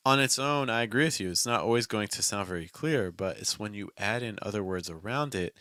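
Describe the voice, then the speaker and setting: A man coaches pronunciation in his daily lesson. His voice sits low but has a bright edge, and the sound is dry and close. He demonstrates each phrase by saying it over and over. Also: fairly quick, no room sound. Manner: energetic, demonstrates phrases by repeating them.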